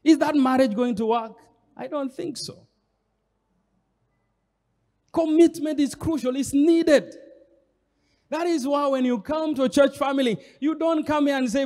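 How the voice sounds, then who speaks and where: High-voiced pastor preaching, hall echo. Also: male voice, a little slow, pauses often, mellow. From Kenya. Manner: emphatic, repeats phrases, addresses the congregation directly. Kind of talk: sermon. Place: church hall. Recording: long hall reverb.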